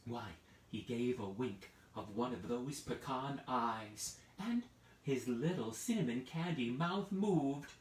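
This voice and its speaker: A playful male storyteller telling a bedtime tale live online, slow and unhurried, his pitch rising and falling all over the place. He sits some way from the mic, and the room gives his voice a roomy echo. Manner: playful, lively, addresses listeners with hand-play prompts. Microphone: video call.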